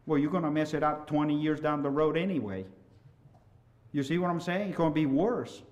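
Middle-aged male preacher, fairly high-pitched, impassioned, loud peaks and hushed asides. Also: brisk. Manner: impassioned, rises to loud hollering and drops to soft asides. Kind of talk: sermon.

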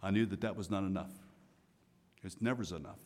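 A man preaching a sermon, swinging from loud emphatic lines to soft hushed asides. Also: sits low, fairly quick. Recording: long hall reverb.

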